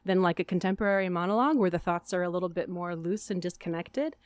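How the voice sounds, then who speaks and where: Woman from arizona, actress guest, chatty and upbeat, lowish voice, dry studio sound. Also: smooth, no echo. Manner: chatty, upbeat, quick to laugh at herself. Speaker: guest, stage actor. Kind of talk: casual interview chat.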